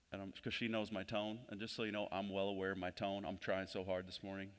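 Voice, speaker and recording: A pastor giving a conversational sermon in a church. His delivery swells louder and higher whenever he stresses a point. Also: little pitch movement, fast, hardly any pauses. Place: church sanctuary. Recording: long hall reverb.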